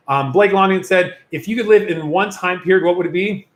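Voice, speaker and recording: Brisk and with few pauses, a high-voiced youth pastor hosts a casual Q&A livestream for young people. He rambles and chats, regularly cutting himself off mid-sentence, recorded on a computer or phone mic in an echoey room.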